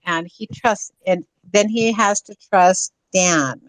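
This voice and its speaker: A woman on a fan discussion panel, talking things through in an explanatory way with frequent pauses to gather her thoughts. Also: medium pitch, no echo, low-quality recording. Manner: slow, explanatory, with many uh fillers. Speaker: podcast panelist.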